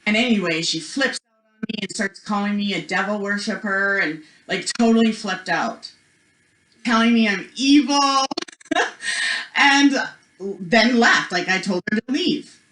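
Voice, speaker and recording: A woman's voice: medium pitch, measured pace, pushed and bright, a little hiss or hum. A woman presenting a spiritual workshop, telling a personal story in a chatty way, full of "like" and "you know", acting out the voices of the people in it. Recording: echoey room.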